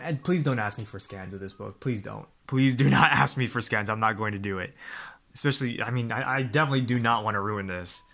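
A man casually talking through a toy unboxing, excitable and gushing, often laughing and exclaiming. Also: lowish voice, normal speed.

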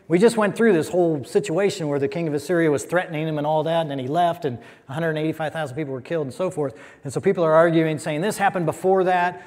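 A man's voice: a little high, darkish tone. American man preaching in a reverberant hall. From United States. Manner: conversational, emphatic, with wry asides. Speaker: pastor. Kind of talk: sermon Bible teaching.

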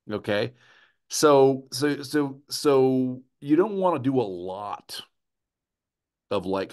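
Low-voiced man teaching a writing workshop. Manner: animated, often checks in with "right?" and "okay?". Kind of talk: conversational writing lecture.

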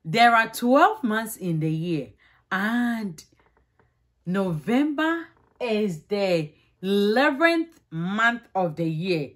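A woman teaching a preschool circle-time lesson, coaxing children to repeat after her with slow, exaggerated letter sounds. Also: medium pitch, big pitch swings, fairly bright tone.

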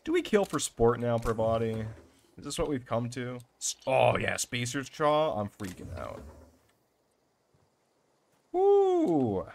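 Excitable swearing young gamer man. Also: medium pitch, normal speed, creaky, slight background noise. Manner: excitable, swears a lot, talks to himself. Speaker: let's play gamer. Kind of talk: casual gameplay commentary.

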